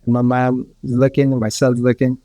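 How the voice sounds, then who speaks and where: A man's voice: medium pitch, monotone, a little fast, dark tone. A man, a healer guest on a podcast, telling a story in a rambling way with many repeats and restarts. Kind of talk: casual storytelling.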